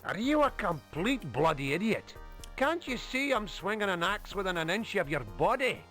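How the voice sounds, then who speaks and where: A man with a Scottish accent voicing a blunt, gruff character in a 1990s computer game. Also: high-pitched, sing-song, normal speed, sharp tone, faint music behind, full character voice. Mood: angry.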